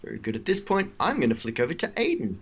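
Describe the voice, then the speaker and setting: A man's voice: on the high side, wildly swooping pitch, fast talker, slightly rough. A man narrating as game master of a tabletop game, talking with frequent restarts and hesitations. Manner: hesitant, with many restarts and fillers.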